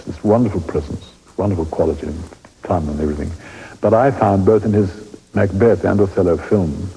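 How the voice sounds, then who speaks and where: A man's voice: lowish voice, creaky, warm tone, breathy edge, rough recording. An English man in his eighties telling wry theatre anecdotes in an interview, chuckling as he reminisces. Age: 80s. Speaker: veteran stage actor interviewed.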